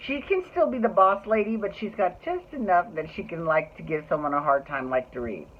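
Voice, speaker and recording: A chatty, rambling podcast host recapping reality TV in a campy, gossipy way, full of asides and slang. The voice sits at a middling pitch. It comes through thin and tinny, like a phone line. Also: lively intonation, a little fast, slight background noise. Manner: chatty, rambling, with frequent restarts and laughs. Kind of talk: casual gossipy recap chat.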